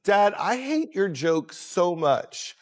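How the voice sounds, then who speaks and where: Animated dad mimicking people. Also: male voice, high voice, slow. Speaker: talk show guest. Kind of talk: casual chat.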